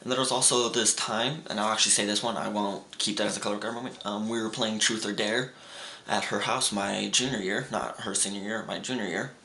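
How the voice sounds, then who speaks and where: Fairly low-pitched and quick, with sharp tone and fairly even intonation, this young vlogger rambles through stories with frequent restarts, loudly imitating what his friends said. There's roomy echo and a faint background hum.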